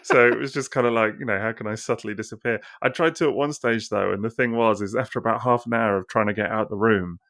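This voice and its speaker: A man's voice: on the low side, fairly even intonation, a bit bright, no echo, studio quality. A man co-hosting a toy podcast, telling rambling stories in casual chat with lots of fillers. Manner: quick, rambling storyteller with many fillers. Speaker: podcast co-host.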